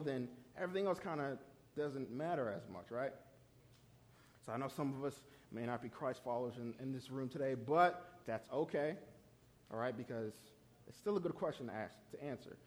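A young adult man giving a lively, conversational sermon as a youth pastor, often checking in with "right?". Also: medium pitch.

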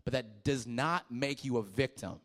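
A man, a youth pastor and guest speaker, giving an energetic call-and-response sermon, joking and shouting key words. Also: medium pitch, a little slow.

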